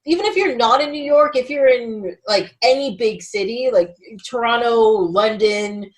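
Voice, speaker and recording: A woman hosting a podcast, talking in a casual, animated way with lots of filler words. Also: fairly high pitch, moderate pace, rough recording. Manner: animated, chatty, many "like" fillers. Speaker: podcast host. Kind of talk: casual chat.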